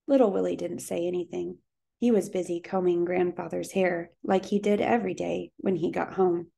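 A woman narrating a children's novel aloud in a steady, even storytelling manner. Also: lowish voice, normal speed, creaky. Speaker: audiobook narrator.

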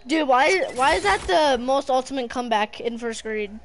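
A young woman playing a video game with a friend, yelling, swearing and joking. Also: sits high, expressive, normal speed, faint music behind. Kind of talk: casual gaming chat.

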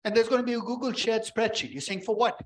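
Lively joking male professor, slightly high. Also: fast talker, low-quality recording. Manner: lively, joking, conversational teaching. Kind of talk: university lecture.

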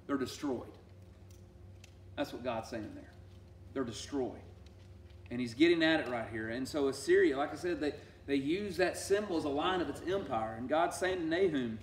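A man teaching a sermon-style Bible study. He talks emphatically, swinging between loud declarations and hushed asides. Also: fairly high pitch, expressive, moderate pace. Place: church sanctuary. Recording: echoey church room from far off.

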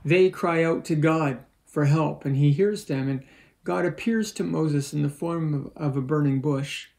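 A man preaching a sermon as lead pastor and reading scripture aloud in a measured, earnest way. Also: on the high side, gravelly, darkish tone, poor audio. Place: church.

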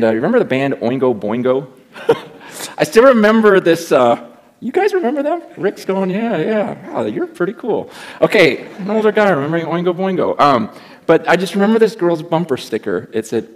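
A middle-aged man preaching a sermon as pastor, telling a story in an animated way and swinging between loud bursts and hushed asides. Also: on the high side, moderate pace.

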